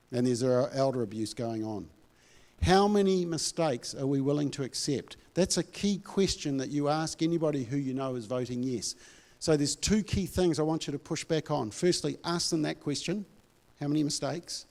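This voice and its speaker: A man's voice: mid-range voice, darkish tone. A man giving an earnest, persuasive talk to a live audience, asking direct questions. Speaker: campaign speaker. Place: church hall. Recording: echoey hall reverb.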